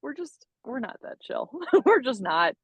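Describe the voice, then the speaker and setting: Animated, laughing woman podcast host. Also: fairly high pitch, measured pace, breathy edge, no echo. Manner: animated storytelling, laughs often, self-deprecating. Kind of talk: casual chat.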